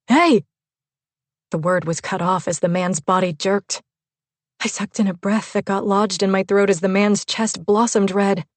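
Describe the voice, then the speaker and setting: A woman's voice: mid-range voice, a little mellow, dry recording. A woman narrating a first-person novel as an audiobook, with tense, vivid delivery.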